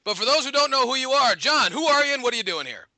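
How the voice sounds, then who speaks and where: A man hosting a rowdy gaming podcast, introducing guests with loud hype and swearing freely. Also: very high-pitched, big pitch swings, fast. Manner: loud, hyped, profane. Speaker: podcast host.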